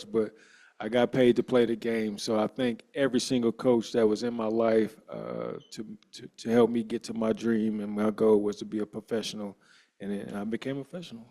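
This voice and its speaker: A man on a discussion panel, a former professional football player, telling a lively personal story in casual slang. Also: on the low side, a little fast. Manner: animated storyteller, acts out quoted dialogue, casual slang.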